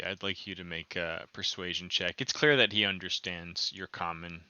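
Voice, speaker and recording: Bright-voiced rambling game master. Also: male voice, low-pitched, fairly even intonation, normal speed, clean tone, no echo, dull audio. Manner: rambling, lots of "like". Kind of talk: narrating a tabletop game.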